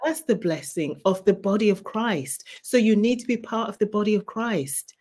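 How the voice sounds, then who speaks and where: A woman's voice: mid-range voice, normal speed, a little mellow. A woman who is a guest author, sharing a fervent faith testimony in an interview. She speaks like a preacher and repeats key phrases for emphasis.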